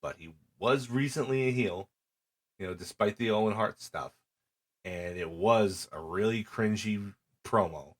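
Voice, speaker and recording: A man's voice: on the low side, measured pace. A middle-aged man co-hosting a podcast, recapping matches in casual chat and acting out the wrestlers' lines. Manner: animated storyteller, acts out quoted lines. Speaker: podcast co-host.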